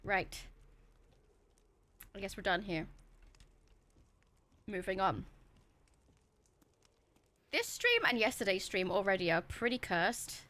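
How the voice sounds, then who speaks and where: A woman talking over a game she is streaming live, into a desk microphone. Her voice is bright and forward, at a middle pitch for a woman. She is excitable, swears freely and jokes at what happens on screen. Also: slow, long pauses. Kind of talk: live gameplay commentary.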